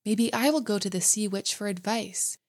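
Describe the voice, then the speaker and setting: A woman's voice: mid-range voice, normal speed, natural voice. A woman voicing a young mermaid princess who speaks in a trembling but brave way in a storybook reading. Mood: wistful.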